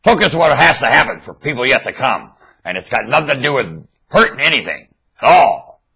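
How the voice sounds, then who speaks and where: A man talking straight into his webcam mic in a monologue rant, swinging between loud emphatic outbursts and low muttering. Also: big pitch swings, a little fast, creaky, husky.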